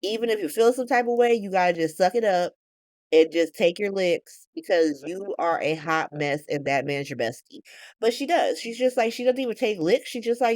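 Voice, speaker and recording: A woman's voice: mid-range voice, animated, normal speed, darkish tone, no room sound, studio quality. A woman hosting a soap opera recap, narrating casually in profane slang.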